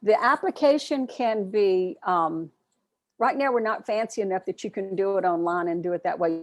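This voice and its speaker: A woman's voice: medium pitch, no room sound. A woman giving a short, earnest program presentation at an online club meeting, speaking in a friendly, plain way over a video call.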